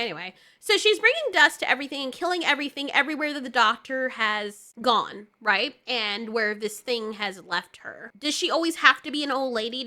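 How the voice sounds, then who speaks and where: A woman's voice: on the high side, sharp tone. A woman giving a casual, blunt and sarcastic reaction commentary, swearing freely as she picks apart what she watches. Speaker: video commentator.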